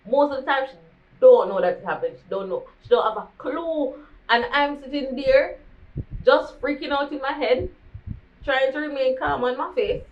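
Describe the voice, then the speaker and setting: A woman's voice: high voice, moderate pace. A young woman with a Jamaican accent telling a candid storytime vlog, slipping into patois as she talks. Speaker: vlogger. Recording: dull lo-fi recording.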